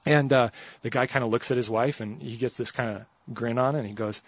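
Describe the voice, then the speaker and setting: A man preaching a sermon, telling a funny personal story in an animated, joking way. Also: medium pitch, fairly quick, husky, dry recording, dull audio.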